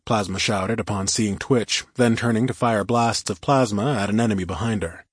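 A male audiobook narrator telling a first-person action story in a steady, even way. His voice sits fairly low with a husky, breathy grain. The recording is close and dry. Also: normal speed, no room sound.

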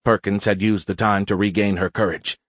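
A man narrates an audiobook in a steady, even storytelling voice. His pitch sits low. The recording is dry and close. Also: brisk, no room sound. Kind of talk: scripted narration.

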